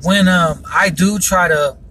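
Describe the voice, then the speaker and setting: A man's voice: high voice, unhurried, bright, forceful tone. Man, podcast host, earnest, rambling, yawning, distant mic, car noise behind. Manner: earnest, rambling, many fillers. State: yawning often. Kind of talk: personal faith talk. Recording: noisy, voice from off the mic.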